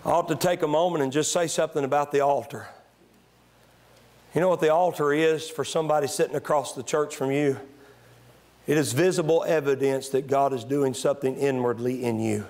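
A man pastor preaching a sermon in church, moving between calm teaching and loud, shouted exhortation. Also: a little high, brisk. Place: church sanctuary.

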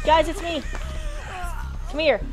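A woman's voice: high-pitched, fairly even intonation, slow pace, soft background music. A woman giving casual, jokey commentary while streaming a video game, talking to the characters on screen. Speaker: gameplay streamer.

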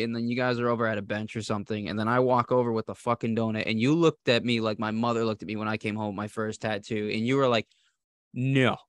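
A man with a mid-pitched voice co-hosts a podcast, chatting with eager enthusiasm. He laughs often and swears casually. The sound is dry. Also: fairly bright tone, no room sound. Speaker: podcast co-host. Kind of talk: casual chat.

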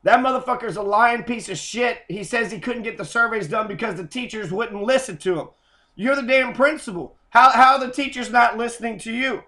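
A man's voice: extremely high pitch, brisk, pushed and bright. A man in an angry, profane rant, cursing and repeating himself. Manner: heated, cursing, repetitive. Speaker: host.

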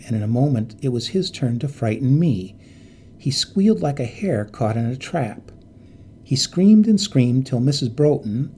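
A man narrating a ghost story in an expressive, dramatic reading voice. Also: medium pitch, slight background noise.

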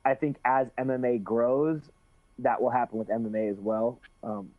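A man's voice: mid-range voice, steady tone, normal speed. Rambling man on a tinny line. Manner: rambling with many restarts and casual swearing. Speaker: guest fighter. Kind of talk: casual interview chat. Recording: tinny phone-like dry sound.

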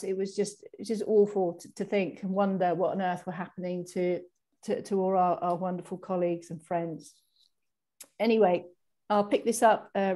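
A woman's voice: medium pitch, a little mellow. Woman host reading messages on a video call. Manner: chatty, with frequent restarts. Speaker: online exercise class host.

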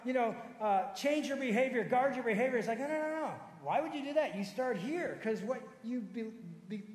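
A man in his fifties with a notably high voice delivers a sermon in a relaxed, animated storytelling way. His voice rings around a large church auditorium, trailing a long hall reverb behind each phrase. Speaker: pastor.

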